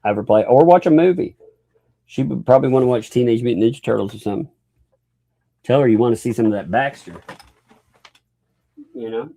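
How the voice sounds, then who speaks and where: A man's voice: medium pitch, brisk, long pauses, dark tone. A father hosting a casual livestream, playfully joking and laughing while he talks with his young daughter. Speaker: livestream host.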